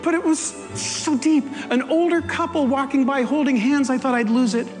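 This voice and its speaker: A man's voice: very high voice, moderate pace. A man preaching a sermon, telling an emotional personal story and changing his pace for emphasis. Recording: long hall reverb with faint music.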